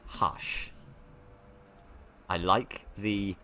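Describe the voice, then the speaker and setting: A man's voice: on the low side, steady tone, very slow, bright, forceful tone, slight background noise. A British man giving casual commentary while playing a game, rambling and self-mocking with frequent restarts. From Britain. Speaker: let's play gamer.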